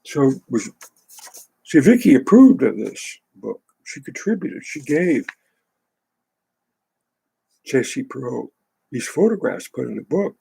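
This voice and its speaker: A man's voice: mid-range voice, sing-song, slow, gravelly, pauses often, mellow, breathy edge, rough recording. A man reading a book aloud, then breaking off into sarcastic, indignant commentary.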